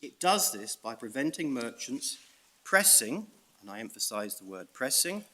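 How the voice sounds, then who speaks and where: A British man arguing a case in court as a barrister, reading out evidence and stressing key words in a measured way. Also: mid-range voice, sing-song, a bit bright. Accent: British English. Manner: measured, reads out evidence with emphasis. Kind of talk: courtroom legal argument.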